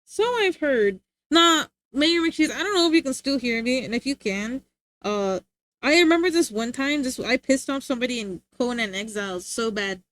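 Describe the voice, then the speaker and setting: A woman's voice: on the high side, lively intonation, moderate pace, fairly bright tone, dry recording. A young woman streamer chatting casually, rambling and laughing often.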